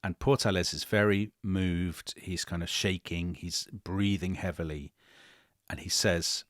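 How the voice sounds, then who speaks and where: A middle-aged man with a very low voice co-hosts a history podcast, recounting events with dramatic flair. He slips into the voices of the people he quotes, and the recording is dry and close to the mic. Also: steady tone, unhurried, a bit bright, dry recording. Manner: dramatic retelling with acted quotes. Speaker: podcast co-host. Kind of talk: animated historical storytelling.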